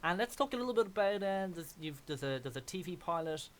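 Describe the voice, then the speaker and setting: A man's voice: high-pitched, expressive, fast talker, a little hiss or hum. A man hosting a radio arts show, interviewing a guest and backing her up with frequent encouraging agreement. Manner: agreeable, encouraging, lots of short affirmations.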